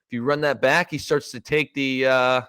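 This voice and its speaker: A Canadian man in his thirties, a former player who now hosts a casual sports podcast, tells a game story with animation and acts out the quoted lines. His mid-range voice is clear and resonant, moving at a moderate pace.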